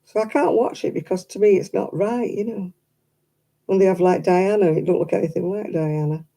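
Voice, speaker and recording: A woman's voice: mid-range voice, fairly even intonation, brisk, warm tone. A woman chatting casually to her live stream audience, rambling and self-deprecating.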